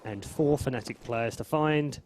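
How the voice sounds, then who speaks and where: A man's voice: medium pitch, a little slow, slight background noise. A man giving esports play-by-play commentary, wry and bantering.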